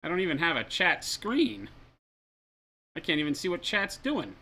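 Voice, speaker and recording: A man's voice: a little high, very animated, moderate pace, sharp tone. A man co-hosting a livestream, joking around in a wry way. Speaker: livestream co-host. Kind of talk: casual livestream chat.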